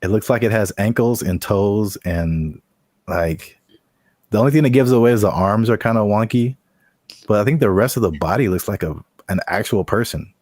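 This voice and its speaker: A man's voice: lowish voice, a little mellow, no room sound. A man co-hosting a podcast in casual chat, teasing his co-host and laughing easily. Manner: playful, teasing, quick to laugh.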